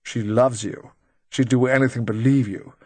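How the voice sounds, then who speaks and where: A man's voice: mid-range voice, fairly even intonation, moderate pace, darkish tone, no echo, close to an everyday voice. A man reading a shrewd official who questions others with dry, leading remarks. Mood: pointed.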